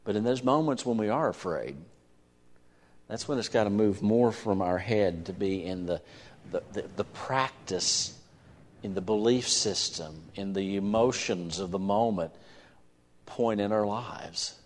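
Earnest low-voiced male preacher. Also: unhurried. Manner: earnest, repeats words when starting phrases. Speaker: pastor. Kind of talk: sermon.

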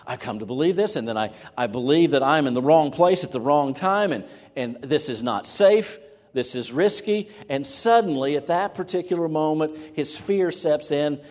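A man preaches in a church sanctuary, his voice swinging widely in pitch as he acts out quoted lines. His voice sits at a middle pitch and rings with the long reverb of a large hall. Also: a little mellow. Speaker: pastor. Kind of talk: sermon.

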